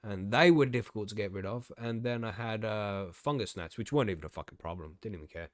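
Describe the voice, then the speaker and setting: A man's voice: fairly low pitch, fast, dry recording, clean studio sound. A man hosting a casual podcast chat, joking around and laughing often. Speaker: podcast host.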